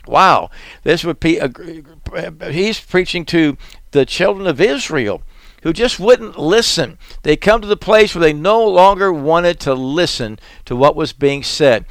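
A man's voice: high-pitched, expressive, measured pace, fairly bright tone, dry recording, clean studio sound. A man preaching a sermon, reading scripture passages and pressing the point with repeated rhetorical questions. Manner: reads King James scripture aloud, then expounds with rhetorical questions.

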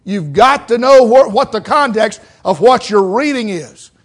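A man's voice: sits high, animated, unhurried. A man preaching a sermon in a folksy, conversational way, with a Southern mountain accent, acting out little quotes as he teaches.

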